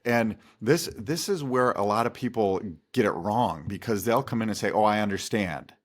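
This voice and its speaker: A man answers interview questions as an expert guest, explaining things calmly and steadily. His voice sits somewhat low. His delivery is instructive and measured.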